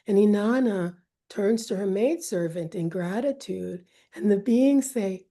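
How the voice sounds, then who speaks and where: A woman storyteller retelling an ancient myth in a measured, dramatic way, sometimes dropping to a whisper. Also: medium pitch, mellow.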